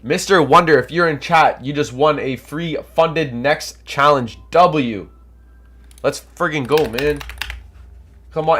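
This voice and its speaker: A man's voice: fairly high pitch, slow pace. A young Canadian man hosting a trading livestream, reading viewer comments and coaching in a hyped, casual way, with a nose stuffed up from allergies. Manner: energetic, hyped, coaching chat.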